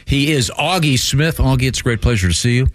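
A man's voice: medium pitch, quick pace. A man hosting a radio show in a studio, wry and playful. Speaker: host.

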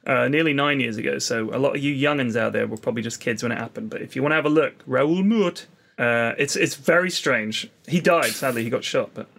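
A man's voice: mid-range voice, brisk, gravelly, fairly bright tone. An Englishman hosting a casual podcast chat, jokey and sweary, spinning stories.

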